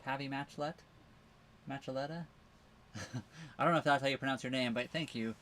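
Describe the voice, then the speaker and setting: Fast-talking man chatting on a livestream. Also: medium pitch, fairly bright tone. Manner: fast, rambling, with frequent fillers and restarts. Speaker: livestream co-host living on a sailboat. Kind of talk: casual livestream chat answering viewer questions.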